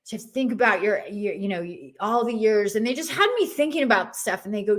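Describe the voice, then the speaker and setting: Expressive woman telling a personal story. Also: fast talker, hardly any pauses. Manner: casual, expressive, acts out voices she heard with shifts in pitch and loudness. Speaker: podcast guest.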